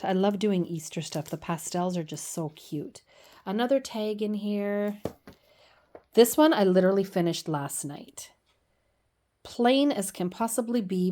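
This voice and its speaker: A woman's voice: fairly low pitch, a little mellow. A middle-aged woman chatting casually as she shows off her scrapbook pages, gushing and poking fun at herself. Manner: chatty, gushing, self-deprecating. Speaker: scrapbooking vlogger. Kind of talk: casual show-and-tell chat.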